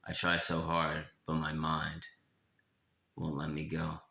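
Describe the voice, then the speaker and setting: A man reading his own personal memoir aloud in a somber, confessional way, slowing down in places, in an echoey room. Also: very deep voice, completely flat delivery, creaky, sharp tone.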